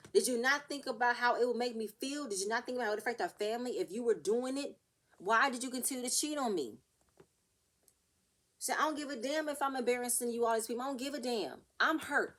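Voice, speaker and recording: A young woman talks through a reality TV episode in a casual vlog recap. Her voice sits a little high, and she rants with real heat, slipping into the cast's quotes as she goes. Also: brisk, a bit bright.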